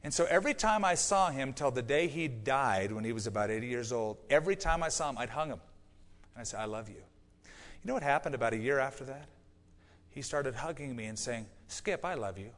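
A man's voice: medium pitch, animated, moderate pace. Earnest preacher man in a reverberant hall. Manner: earnest storytelling preacher, shifting between quiet confiding and emphatic lines. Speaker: pastor. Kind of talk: sermon. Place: church sanctuary. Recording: long church hall reverb.

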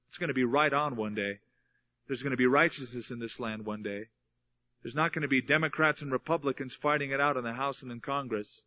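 A man delivers a sermon as a pastor, teaching earnestly and pressing his points through repetition. His voice sits a little high and has a bright, forward edge. The recording sounds dull and lo-fi. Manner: earnest, explanatory Bible teaching with emphatic repetition.

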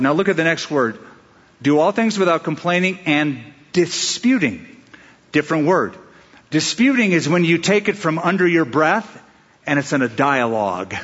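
This pastor's voice is on the high side, fairly bright, with a breathy edge, as he preaches conversationally, quizzing the congregation with rhetorical questions and playing out small asides. The audio is muffled and carries a long hall echo.

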